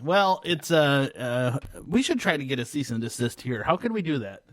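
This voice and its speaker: A man's voice: medium pitch, very animated, moderate pace, no room sound. A man hosting a podcast, chatting loosely and laughing easily. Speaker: podcast host. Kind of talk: casual chat.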